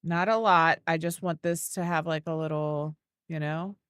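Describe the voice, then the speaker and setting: A woman's voice: sits low, fairly even intonation, moderate pace, fairly bright tone, dry recording, studio quality. A woman giving casual gameplay commentary, thinking aloud as she builds and cooing baby talk at an animal. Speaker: gaming video creator.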